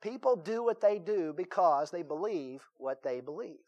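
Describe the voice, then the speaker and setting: A man's voice: high voice, expressive, moderate pace, a little mellow, muffled recording. A man with a Southern US accent preaching a sermon, telling folksy stories and acting out the voices in them. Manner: folksy storytelling, acts out voices in his stories. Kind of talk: sermon with anecdotes.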